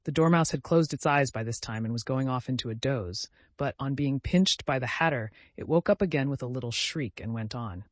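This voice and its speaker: A man narrating a storybook audiobook in a measured, even way. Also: mid-range voice, no room sound.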